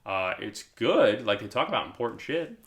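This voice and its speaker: A man with a fairly low voice co-hosting a podcast. He recaps a TV episode in loose, casual chat and cracks jokes along the way. Now and then he tosses in quick acted-out asides. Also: big pitch swings, a bit bright. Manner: joking, acts out characters' lines in quick asides. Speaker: podcast co-host.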